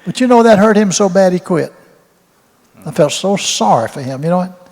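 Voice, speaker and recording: A man's voice: high voice, expressive, a little fast, a little mellow. A man, a retired football coach telling rambling, folksy stories and repeating his words at a Q&A. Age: 80s. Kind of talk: storytelling in a Q&A. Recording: roomy hall reverb.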